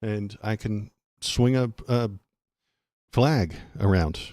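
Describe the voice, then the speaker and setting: A man's voice: on the low side, slow, darkish tone, no room sound, clean studio sound. A man from Texas hosting a casual political livestream, rambling and sarcastic, restarting his sentences often.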